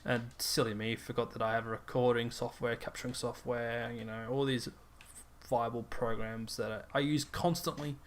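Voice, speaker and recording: A young man, tired after a late shift, rambles through casual podcast chat. He often laughs at himself, in a plain mid-pitched voice. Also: flat delivery, normal speed. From Australia. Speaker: podcast co-host.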